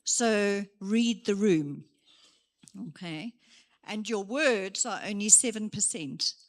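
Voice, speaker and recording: A woman giving a motivational career talk to young people, lively and acting out her examples. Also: medium pitch, slow pace. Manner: lively, acts out examples, moves around while speaking. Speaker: career day speaker. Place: church hall.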